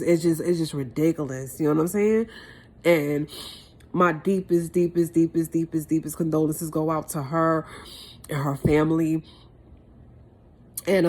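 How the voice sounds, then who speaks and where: A woman's voice: on the low side, a little mellow. A woman vlogger speaking a heartfelt monologue to the camera, impassioned and repeating phrases for emphasis.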